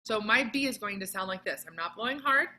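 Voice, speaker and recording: A woman teaching a children's music lesson on video, explaining each step patiently and clearly with sung demonstrations. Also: mid-range voice, lively intonation, brisk, poor audio.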